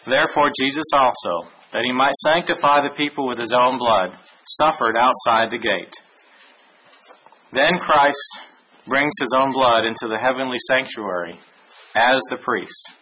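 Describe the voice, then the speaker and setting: A man giving a Bible lesson, reading verses aloud in a measured way with small restarts. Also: mid-range voice, pushed and bright, husky, rough recording. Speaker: Bible teacher. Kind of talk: sermon with scripture reading.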